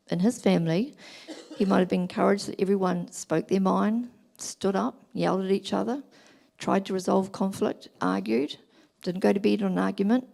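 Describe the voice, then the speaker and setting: A middle-aged woman giving a talk at a church family weekend, explaining gently and acting out examples. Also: medium pitch, creaky. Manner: gentle, explanatory, acts out examples in quoted voices.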